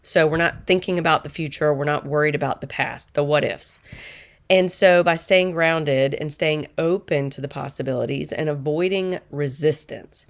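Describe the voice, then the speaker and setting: A middle-aged manifestation coach with a notably low voice shares a personal story at a moderate pace. She's calm and earnest, sounding reflective as she passes on something she learned.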